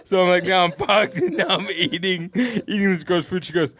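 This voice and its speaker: A young man co-hosting a podcast casually tells friends a long story, rambling and laid-back with heavy swearing and lots of fillers. His voice is high-pitched and fairly bright, at a moderate pace.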